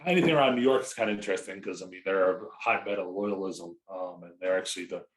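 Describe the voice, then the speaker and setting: A male historian chatting as a podcast guest, quick and self-deprecating. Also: low voice, low-quality recording. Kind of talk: casual interview chat.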